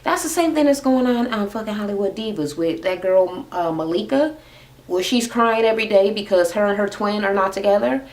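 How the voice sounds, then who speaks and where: Sassy young woman ranting about a reality show, swears a lot, super animated. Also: mid-range voice, brisk. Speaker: reality TV recap YouTuber. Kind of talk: casual rant.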